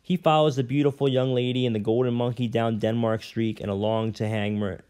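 A man reading a novel aloud at an unhurried pace, now and then stumbling and correcting himself. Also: mid-range voice, level tone, a little mellow, clear, resonant tone. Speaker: reader.

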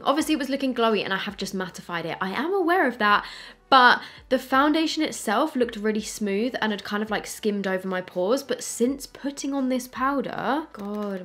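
A young woman, chatting candidly to camera while reviewing makeup at home, with lots of "like" fillers. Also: fairly high pitch. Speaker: beauty vlogger. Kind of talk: casual makeup review chat.

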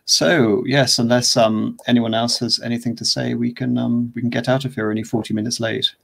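An English man from the West Country with a standard English accent, hosting a livestream and speaking in a measured, formal way with many ums. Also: medium pitch, level tone, creaky. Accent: standard English, not West Country. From West Country of England. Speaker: host. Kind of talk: livestream chat and sign-off.

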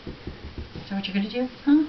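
A woman's voice: fairly high pitch, moderate pace. A woman at home coaxing and baby-talking to a pet in a sing-song voice, recorded on a handheld camera. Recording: dull home video with steady noise.

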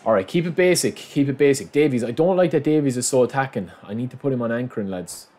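A man giving live gameplay commentary, swinging between hyped shouting and low muttering as he plays. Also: animated, fast talker. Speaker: gaming commentator.

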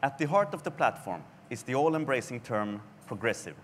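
A man from Sweden, a creative director giving a conference presentation in a deliberate way, his phrases dropping at the ends. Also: medium pitch, very animated, slight background noise. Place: conference hall.

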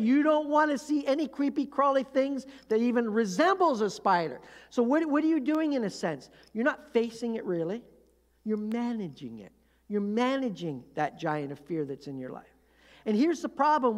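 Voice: medium pitch, long reverb tail. A pastor giving a conversational sermon, telling a story and often asking the congregation questions. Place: church sanctuary.

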